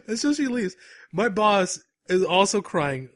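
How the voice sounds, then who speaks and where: Animated young man telling a story. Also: sits high, slow, no room sound, clean studio sound. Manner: animated storyteller, laughs often at his own story. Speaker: podcast co-host. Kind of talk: casual anecdote telling.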